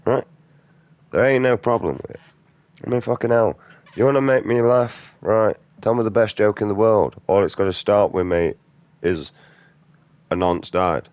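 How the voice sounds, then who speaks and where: A man's voice: lowish voice, normal speed, pauses often, no room sound, highs cut off. A man, a gaming streamer delivering an aggressive, profane rant in blunt slang. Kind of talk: angry off-topic rant during gameplay.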